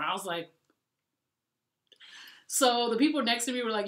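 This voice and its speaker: A woman's voice: a little high, fairly quick. Chatty woman vlogger in an echoey room. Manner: chatty, animated, addresses viewers as y'all. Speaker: vlogger giving pet travel tips. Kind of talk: casual storytelling vlog.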